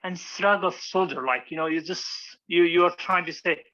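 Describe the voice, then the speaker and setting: Guy teaching speech gestures, bright tone, kinda muffled audio. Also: fairly high pitch, normal speed. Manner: demonstrative, acts out examples, frequent restarts. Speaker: public speaking club instructor. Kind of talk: informal teaching talk with slides.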